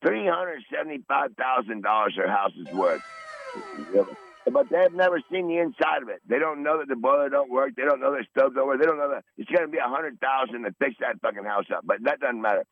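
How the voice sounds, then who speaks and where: A man's voice: mid-range voice, animated, brisk, creaky, slight background noise. Brief: man, 60s, podcast regular caller; profane, boastful rambler; tinny phone audio. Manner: combative, swearing, boastful. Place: in his van.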